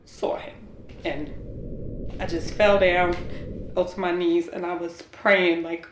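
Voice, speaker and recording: Here another forties-aged woman shares her personal story as an interviewee, earnest and candid, leaning often on "you know" and "like." She speaks slowly in a lowish, flat voice, and the recording has an echoey room with noise in the background.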